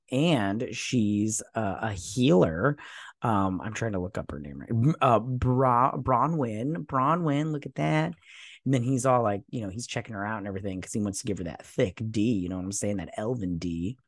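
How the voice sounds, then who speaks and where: A man's voice: medium pitch, animated, moderate pace, dry recording, studio quality. A man hosting a TV review channel, recapping an episode in a casual, crude, mocking way and often stumbling to recall names. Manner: crude, mocking, loose paraphrase; hesitant, searching for names.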